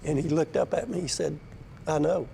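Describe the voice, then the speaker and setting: A man's voice: on the high side, normal speed, gravelly, warm tone, a little hiss or hum. A male studio guest sharing a reflective personal recollection, repeating words at times.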